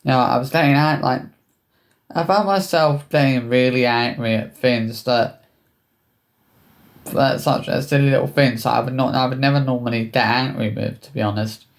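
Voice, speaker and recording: A man telling a personal story to camera in a hesitant, halting way, often restarting his sentences. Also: mid-range voice, fairly even intonation, vocal fry. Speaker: vlogger.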